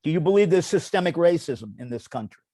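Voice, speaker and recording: Brief: male comic co-host, fairly high voice, emphatic and interrupting, dry close recording. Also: expressive, fast, dark tone, no echo. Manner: emphatic, interrupts and talks over others. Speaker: comedian co-host. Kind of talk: comedic talk-show banter.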